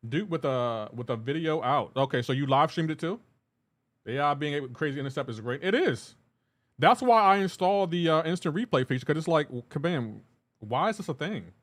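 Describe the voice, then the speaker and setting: Guy streaming games live, kinda high voice that jumps around a lot, chatty and jokey, reads chat out loud. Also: animated, brisk. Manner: joking, teasing. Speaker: game streamer.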